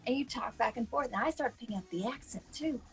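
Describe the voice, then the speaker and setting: A woman co-hosting a casual live chat, telling stories in a lively way and acting out other people's lines. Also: on the high side, fast, soft background music, rough recording. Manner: animated storyteller who acts out quoted voices. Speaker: co-host.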